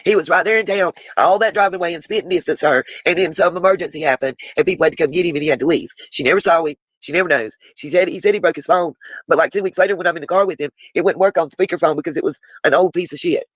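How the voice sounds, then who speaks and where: A woman's voice: fairly low pitch, rapid-fire, slightly rough, no echo, rough recording. Woman, live stream host; blunt, swears freely, reads messages aloud; dry close mic. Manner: chatty, talks back to viewers in chat.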